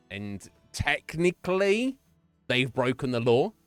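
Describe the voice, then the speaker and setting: Male streamer, animated, loose and profane, close dry sound. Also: medium pitch, smooth, no room sound, faint music behind. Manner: chatty, profane, quick to laugh. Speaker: Twitch streamer. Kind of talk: casual live-stream chat with viewers.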